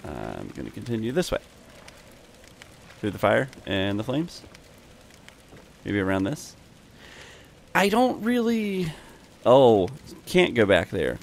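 A man's voice: lowish voice, gravelly, a little hiss or hum. A young man giving wry, chatty commentary over a game he is playing, talking back to the characters on screen. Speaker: gameplay commentator. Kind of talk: let's play commentary.

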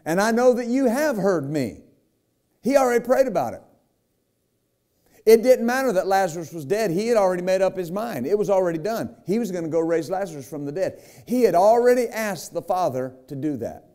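A man's voice: high voice, sing-song, moderate pace, warm tone. A man preaching a sermon as pastor, retelling a scripture story with acted quotes and emphatic asides to the congregation. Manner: emphatic, frequent "right?" and "amen?".

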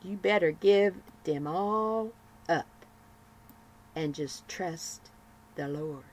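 A woman's voice: on the low side, extremely slow, a little mellow. A woman doing a joyous, steadfast working woman. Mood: firm. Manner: homespun folksy speech, firm and emphatic.

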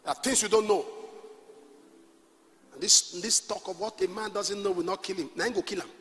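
A man with a Nigerian accent preaching a sermon, shifting from quiet asides to shouted calls and leading the congregation in prayer. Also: high-pitched, steady tone, normal speed. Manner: emphatic preaching, alternating soft asides with shouts; leads call-and-response prayer and prays in tongues. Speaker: pastor. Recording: reverberant hall with faint noise.

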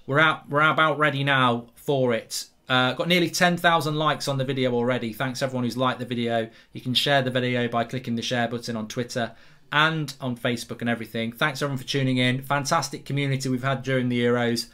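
An English man hosting a live football watchalong, reacting excitably and swearing freely at the match. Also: mid-range voice, a little fast. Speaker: YouTube football host.

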